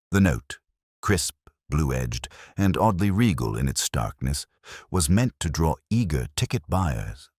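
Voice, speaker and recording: Very deep-voiced male storyteller. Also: no echo, studio quality. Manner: measured, expressive storytelling. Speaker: narrator. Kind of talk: scripted storybook narration.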